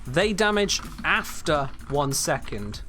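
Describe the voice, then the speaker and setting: A man's voice: fairly high pitch, very animated, takes it slowly, bright, forceful tone, soft background music. A young man explaining game mechanics on a live stream, emphatic and blunt when he answers chat.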